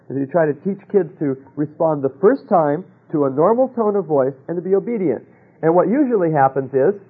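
A man preaching a sermon, telling a personal story with rhetorical questions and dropping to a hush for quoted voices. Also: a little high, husky, narrow, tinny audio.

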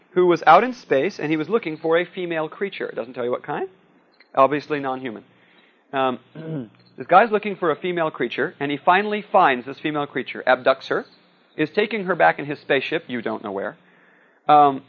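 A man's voice: on the high side, lo-fi sound. A man giving a classroom lecture in a conversational way, often checking in with "okay?" and "see?".

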